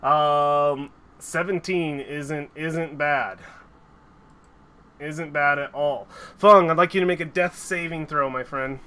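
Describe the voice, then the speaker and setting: Slow, bright-voiced male game master. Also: on the high side, fairly even intonation. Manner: slow, halting narration with restarts. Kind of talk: narrating a tabletop game.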